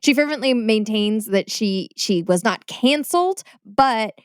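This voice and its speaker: A woman's voice: a little high, expressive, a little slow, clear, resonant tone, no echo, studio quality. A woman co-hosting a podcast, talking in a chatty way and laughing easily. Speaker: podcast co-host. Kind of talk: casual podcast chat.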